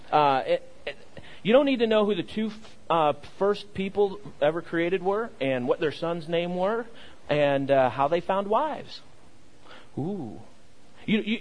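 A man's voice: high-pitched, rough recording. A young adult male pastor giving a sermon, repeating key phrases and leading the congregation in call and response, with frequent stammers and restarts.

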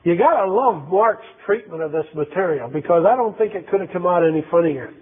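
A man preaches in a high, emphatic, conversational voice, repeating phrases for weight. The recording is thin and phone-like. His delivery moves between reflection and insistence. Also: animated, fairly quick, slightly rough. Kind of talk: sermon. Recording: tinny phone-like sound.

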